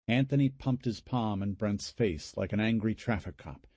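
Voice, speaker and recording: A man narrating a horror audiobook in a steady, measured way. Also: lowish voice, no echo. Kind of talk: scripted narration.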